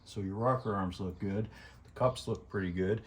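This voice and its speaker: A man's voice: on the low side, moderate pace, slight background noise. Man explaining engine work in a garage. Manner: explains while working, jokey. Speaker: mechanic host. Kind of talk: casual shop explanation. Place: auto garage.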